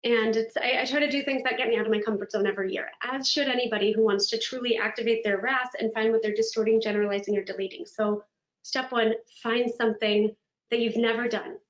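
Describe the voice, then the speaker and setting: A woman motivational speaker giving a virtual keynote, telling stories in an animated, dramatic way. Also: on the high side, fast talker. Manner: animated, dramatic storytelling with laughs. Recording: echoey room, dull lo-fi sound.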